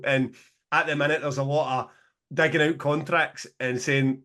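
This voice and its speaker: Animated Scottish man, higher voice. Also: moderate pace. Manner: animated, sweary, laughing storyteller. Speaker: podcast co-host, promoter. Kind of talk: casual podcast chat.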